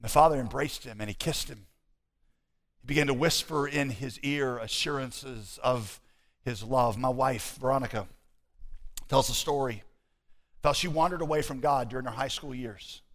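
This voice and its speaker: A man preaching a sermon, dropping to hushed, intimate asides and then building to loud, emphatic rhetorical questions as he tells stories. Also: medium pitch, normal speed, big-room sound. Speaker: pastor.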